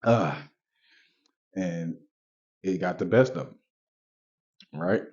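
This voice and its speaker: A man's voice: sits low, slow pace, a little mellow, muffled recording. A man talking casually to his viewers in a commentary vlog, repeating his points and addressing them directly. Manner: conversational, repeats points, talks straight to viewers. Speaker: vlogger.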